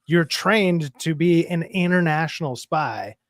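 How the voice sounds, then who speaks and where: A man's voice: fairly high pitch, unhurried, no room sound, clean studio sound. A man arguing a point in a casual podcast chat, often repeating words as he goes. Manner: argumentative, repeats words while making a point.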